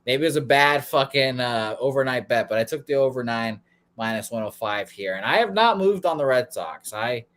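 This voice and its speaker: A man's voice: mid-range voice, animated, normal speed, a bit bright. A man hosting a sports betting show in casual chat, rambling and swearing freely.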